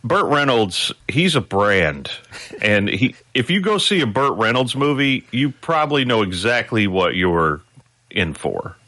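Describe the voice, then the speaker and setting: A man's voice: medium pitch, sing-song, unhurried, sharp tone, no room sound. A man guest-hosting a podcast, talking in a casual, thoughtful and wry way. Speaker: guest co-host.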